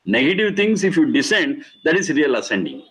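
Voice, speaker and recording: A man's voice: a little high, sing-song, a little fast, a bit bright, poor audio. A middle-aged man giving a spiritual discourse, stressing and repeating key words and explaining Sanskrit terms. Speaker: Vedic teacher.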